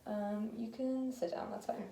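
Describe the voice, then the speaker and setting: A woman talks slowly through a clinical exam, pausing often on fillers. Her voice is gravelly and mellow. The room is echoey, with faint background noise. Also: on the high side, fairly even intonation. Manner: hesitant, many fillers. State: slightly out of breath. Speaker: student doing a clinical neuro exam. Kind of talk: talking through an exam for video.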